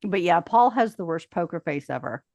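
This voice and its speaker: A woman's voice: fairly low pitch, expressive, normal speed, vocal fry, darkish tone, no room sound. A middle-aged Australian woman co-hosting a podcast, telling stories and teasing in casual chat. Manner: chatty, teasing, leads the topics. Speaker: podcast co-host.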